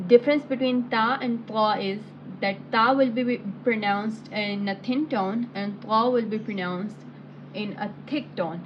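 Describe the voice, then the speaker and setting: A woman's voice: medium pitch, slow. A woman teaching a lesson, patiently explaining letter sounds and then reciting the syllables aloud one by one. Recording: dull lo-fi audio with faint background hiss.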